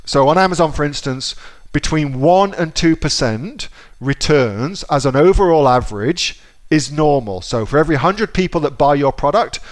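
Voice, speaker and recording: Male seller, casual tutorial talker, a touch high-pitched, loose and profane. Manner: chatty, swears casually, repeats himself. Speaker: online seller teaching. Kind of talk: casual screen-share tutorial.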